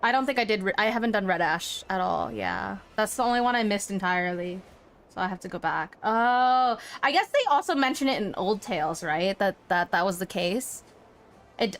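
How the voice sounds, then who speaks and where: A woman's voice: mid-range voice, a bit bright. Chatty woman streamer reading a game story. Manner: chatty, reads narration aloud and reacts.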